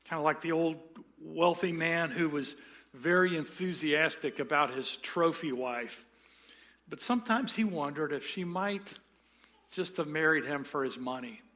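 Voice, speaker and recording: A man's voice: on the high side, a little slow, sharp tone. A man preaching a sermon as pastor, often restarting words and telling folksy jokes.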